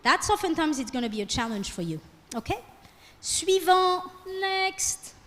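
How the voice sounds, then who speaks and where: Female lecturer, high voice, lively, long hall reverb. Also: measured pace. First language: French. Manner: lively, keeps asking "okay?". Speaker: guest lecturer. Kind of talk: classroom lecture.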